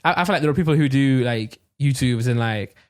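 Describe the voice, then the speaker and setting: Fast-talking young man, rambling chat. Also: mid-range voice, clean tone. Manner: rambling, filler-heavy, laughs often. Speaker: podcast co-host. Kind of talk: casual chat.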